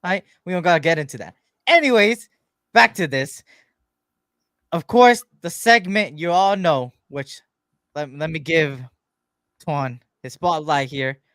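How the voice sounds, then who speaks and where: Man, podcast host, casual chatty delivery, slightly high voice, dry close sound. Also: measured pace, long pauses, fairly bright tone, no room sound. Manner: conversational, filler-heavy, playful ribbing. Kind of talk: casual sports podcast talk.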